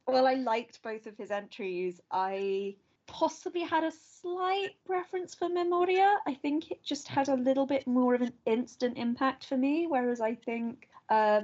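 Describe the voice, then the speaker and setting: A woman co-hosting a podcast, giving measured, thoughtful opinions in casual chat. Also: a little high, a little mellow, highs cut off. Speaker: podcast co-host.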